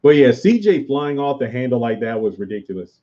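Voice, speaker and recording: A man's voice: medium pitch, sing-song, brisk, dark tone, dull audio. A man hosting a casual livestream, rambling as he answers viewers' comments aloud. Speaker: YouTube host reviewing a TV show.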